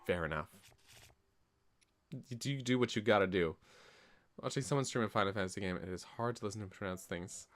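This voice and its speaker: A man's voice: lowish voice, brisk, pauses often, a bit bright. A man casually chatting while playing a video game on stream, joking about how words are said and laughing at himself often. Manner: playful, self-mocking, laughs often. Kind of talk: casual gameplay commentary.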